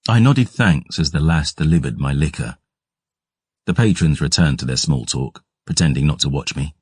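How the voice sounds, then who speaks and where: A man giving gruff, measured first-person audiobook narration. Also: a bass voice, animated, darkish tone, no echo, studio quality.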